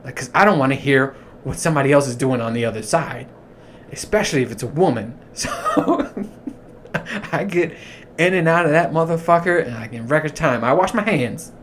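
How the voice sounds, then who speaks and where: A man's voice: fairly high pitch, expressive, moderate pace, a bit bright, a little hiss or hum. A man hosting a podcast alone, rambling profanely and laughing at his own jokes. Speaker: podcast host. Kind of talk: casual solo monologue.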